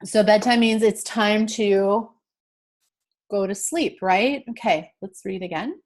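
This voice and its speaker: A woman teacher slowly reading a picture book with young learners, explaining words and checking in often with "okay?". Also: mid-range voice, darkish tone. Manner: slow, clear, checks in with frequent "okay?".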